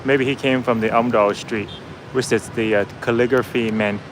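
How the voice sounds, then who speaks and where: A man's voice: mid-range voice, fairly even intonation, normal speed, background noise. A man vlogging casually as he walks outdoors, chatting with his viewers and laughing easily. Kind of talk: casual walking vlog. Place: outdoors on a busy city street.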